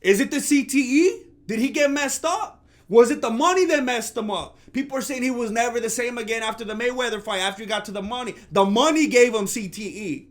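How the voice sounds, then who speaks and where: Host: man with a very high voice, sarcastic mock-outraged commentary. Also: brisk. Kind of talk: comedic commentary rant.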